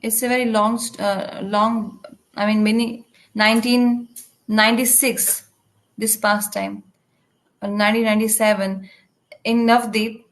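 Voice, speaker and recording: Woman with a slightly high voice, live interpreter for a spiritual class, halting delivery with restarts. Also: flat delivery, rough recording. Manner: halting, with frequent restarts and fillers. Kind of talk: live translation of a devotional lecture.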